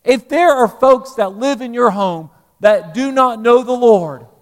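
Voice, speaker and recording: A middle-aged man preaching a sermon as pastor, animated, rising to loud emphasis then dropping low. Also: a little slow. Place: church sanctuary. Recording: long hall reverb in church.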